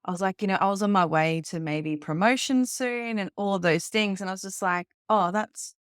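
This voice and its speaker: A woman hosting a podcast who talks in a relaxed, conversational way, often sharing her own experience with the guest. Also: medium pitch, moderate pace, dry recording, clean studio sound. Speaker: podcast host. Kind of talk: conversational interview.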